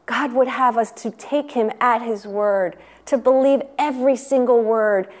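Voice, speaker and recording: A woman delivers a devotional sermon at a slow, deliberate pace. Her voice sits a little high, and she speaks earnestly, stressing her points and turning to the listener with questions. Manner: earnest, asks the listener questions, reads quotations; unhurried, emphatic. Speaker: Sunday school teacher giving a devotional.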